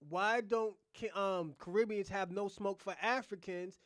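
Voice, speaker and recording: High-voiced man ranting on a livestream. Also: fairly even intonation, a little slow, a bit bright, no room sound, studio quality. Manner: blunt, profane, rambling rant. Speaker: host of a reaction livestream. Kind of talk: casual livestream commentary.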